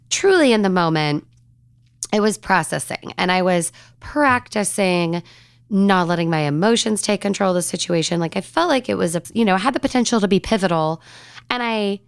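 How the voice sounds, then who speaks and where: A woman hosting a podcast, telling a personal story in an animated, chatty way. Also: on the low side, creaky, clear, resonant tone, no echo, studio quality. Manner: animated, chatty, acts out conversations. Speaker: podcast host.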